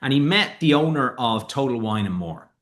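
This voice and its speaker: A man, a whiskey founder telling lively stories in a casual interview and swearing freely. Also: medium pitch, moderate pace.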